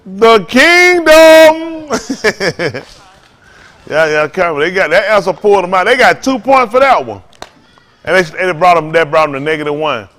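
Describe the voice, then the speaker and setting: An older man preaching an informal sermon, folksy and animated, telling stories with lots of repetition. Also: a little high, fairly quick. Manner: folksy, animated, Southern Black church vernacular, repeats himself. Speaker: pastor.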